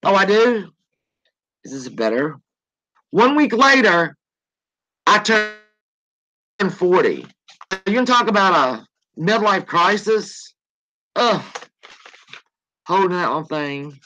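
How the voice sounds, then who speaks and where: A woman's voice: medium pitch, big pitch swings, takes it slowly, long pauses, fairly bright tone, poor audio. Chatty, joking woman livestream host in her forties. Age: 40s. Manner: chatty, joking, swears freely. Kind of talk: casual chat.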